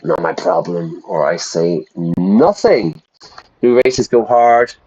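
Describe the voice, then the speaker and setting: A man's voice: deep voice, slow, darkish tone, slightly rough. A man who teaches English, playing a game on stream and chatting casually as he explains words for learners. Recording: dull, lo-fi sound.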